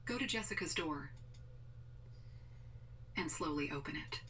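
A woman narrating in the second person in a flat, even read. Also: low voice, unhurried, distant mic, slight background noise.

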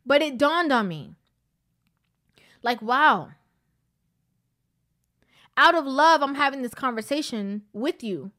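A woman's voice: high voice, lively intonation, slow, pauses often, pushed and bright. A woman telling a personal story in a casual, preachy way, repeating points for emphasis.

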